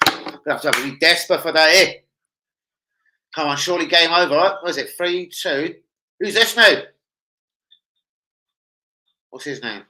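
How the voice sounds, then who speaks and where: A man chatting casually on a football live stream, swearing freely and breaking into loud, excited shouts. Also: fairly high pitch, moderate pace, long pauses, poor audio.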